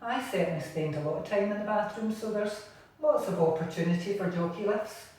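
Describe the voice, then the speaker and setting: A woman's voice: medium pitch, fairly quick. Encouraging Scottish woman leading an exercise class. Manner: encouraging, gentle instructions. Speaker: exercise instructor. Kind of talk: guided seated exercise class. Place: bathroom at home. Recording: echoey room, distant mic, faint noise.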